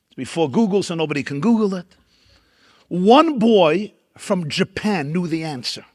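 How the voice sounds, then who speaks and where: A man's voice: high-pitched, expressive, moderate pace, no room sound, studio quality. A man, a rabbi, giving a storytelling keynote lecture at a dinner event, emphatic and building up lists.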